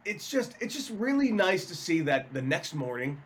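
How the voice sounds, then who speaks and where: Animated male sports show host. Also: sits high, moderate pace. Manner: animated storyteller, teasing. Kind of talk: casual sports talk.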